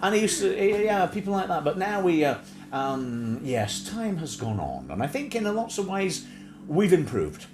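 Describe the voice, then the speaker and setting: A man's voice: sits high, very animated, normal speed. A man hosting a casual live stream, joking and mimicking people in silly voices. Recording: echoey room with crowd noise.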